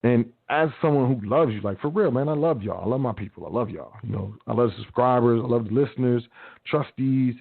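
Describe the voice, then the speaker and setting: A man's voice: medium pitch, brisk, creaky, breathy edge, no echo. Man, radio host, slangy big-brother pep talk, phone-thin sound. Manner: big-brother tone, slangy and repetitive, acts out quotes. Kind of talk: casual motivational talk. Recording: tinny phone-like audio.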